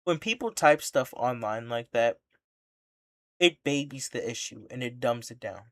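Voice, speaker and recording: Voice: medium pitch, lively intonation, measured pace, fairly bright tone. Brief: streamer, mid-register voice, angry reaction rant with repeated emphatic lines. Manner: indignant, impassioned ranting; rhetorical questions, repeats for emphasis.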